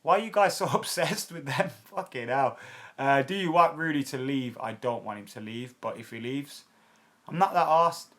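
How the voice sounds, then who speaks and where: A man's voice: medium pitch, moderate pace, fairly bright tone. A man in his late twenties hosting a football fan channel, casually answering viewer comments in a chatty, blunt way with lots of fillers and some swearing. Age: 20s.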